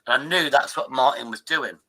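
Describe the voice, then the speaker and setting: Brief: older man in his sixties, sharp bright tone, rambling and sweary, livestream host on a call. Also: medium pitch, fairly quick, poor audio. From Derbyshire, England. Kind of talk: casual chat.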